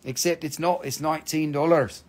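Excitable, foul-mouthed man hosting a live sale. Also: fairly high pitch, normal speed. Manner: excitable, swears freely, gushes over stones while calling out prices. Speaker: host of a live mineral sale. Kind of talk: live-stream sales chat.

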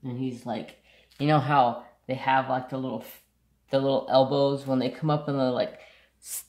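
A man's voice: mid-range voice, little pitch movement, moderate pace, darkish tone, roomy sound. A man chatting casually to camera, telling a rambling story and sidetracking often, with blunt, offhand asides. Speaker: craft vlogger.

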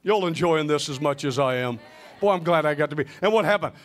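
A man preaching a sermon, calling out to the congregation and answering his own questions, often rising to a shout or a sing-song cadence. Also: on the high side, lively intonation, fast. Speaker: pastor.

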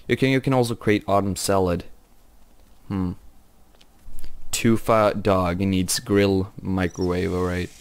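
A young man hosting a game let's play, talking quietly and rambling, with frequent repeated phrases and chuckles. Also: fairly low pitch. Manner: hushed, talking quietly so as not to wake someone. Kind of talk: casual game commentary.

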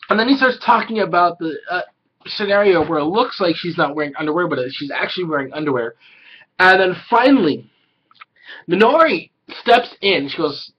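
A man giving an excitable, casual anime review, swearing a lot and breaking into loud exclamations. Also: high-pitched, normal speed, slightly rough, poor audio.

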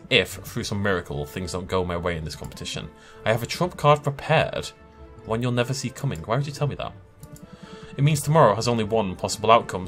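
A man's voice: lowish voice, fairly bright tone. A man voicing a smug, condescending male rival merchant in a video game, with a taunting manner.

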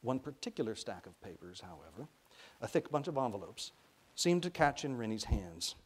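A middle-aged man from Arkansas, an author reading his own children's novel aloud to an audience in expressive storytelling fashion. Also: mid-range voice, moderate pace, breathy edge. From Arkansas, USA. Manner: expressive storytelling, briefly voicing characters.

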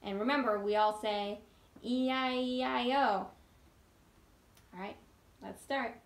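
A woman who is a children's librarian, gently teaching a sing-along lesson for small children. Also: fairly high pitch, fairly even intonation, slow pace. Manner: gentle, encouraging, sings with ukulele.

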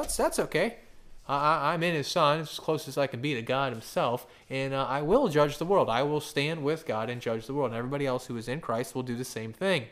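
A man's voice: medium pitch, fairly bright tone. A male pastor preaching a sermon, emphatic and full of rhetorical questions, often stumbling and restarting his phrases.

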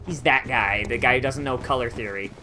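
A man's voice: mid-range voice, fairly quick, bright, forceful tone, slight background noise. A man streaming a video game, talking casually with sarcastic jokes, heavy swearing and frustrated outbursts. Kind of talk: casual gameplay commentary.

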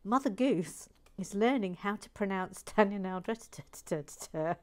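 A woman hosting a relaxed brick-building stream, chatting playfully and reading out viewer comments with many asides. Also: medium pitch, slow.

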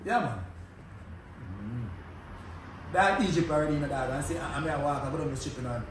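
A man's voice: on the high side, brisk. An older man with a Jamaican accent, telling laid-back stories in patois in a casual chat. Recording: echoey, distant mic with faint background hiss.

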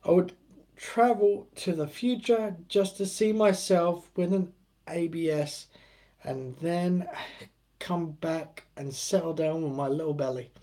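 A man's voice: fairly high pitch, measured pace, mellow. A man with a Cambridge accent hosting a casual live-stream chat, rambling and self-mocking as he reads out viewer comments. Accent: Cambridge English. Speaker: host.

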